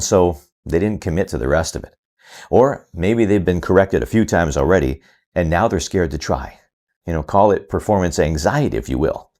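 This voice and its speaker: A man explaining to parents how to help a child who gets stuck while reading, calmly sounding out words slowly as he demonstrates. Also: low-pitched. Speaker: reading instructor. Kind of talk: instructional talk to parents.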